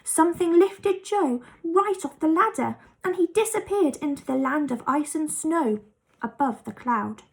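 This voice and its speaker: A woman reading a children's book chapter aloud in a lively, expressive way. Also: sits high, a little slow, vocal fry. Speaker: storyteller.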